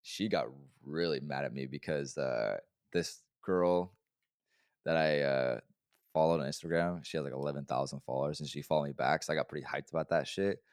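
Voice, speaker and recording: A young man co-hosting a podcast, telling stories fast and swearing a lot in casual chat. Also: rumbling low, clear, resonant tone, no echo, clean studio sound. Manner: fast-talking, swears a lot, animated storytelling. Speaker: podcast co-host.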